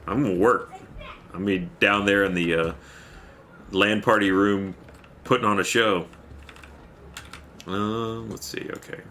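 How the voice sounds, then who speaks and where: Very deep, forceful male streamer. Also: slight background noise. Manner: rambling, thanks viewers by name between gameplay remarks. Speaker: livestreamer. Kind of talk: casual chat while playing a game.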